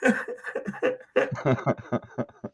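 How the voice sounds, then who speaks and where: A man's voice: mid-range voice, wildly swooping pitch, drawn-out words, fairly bright tone. A man chatting casually on a livestream, swearing freely, laughing often and acting out movie scenes.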